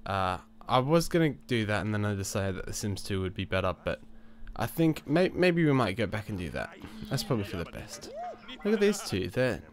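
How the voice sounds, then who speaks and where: A man's voice: fairly low pitch, sing-song, normal speed, few pauses. Stuffy-voiced man rambling over gameplay. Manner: rambling, chuckling, many fillers and restarts. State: stuffed up from a cold. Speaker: gaming channel host. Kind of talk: casual gameplay commentary. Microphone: new desk microphone.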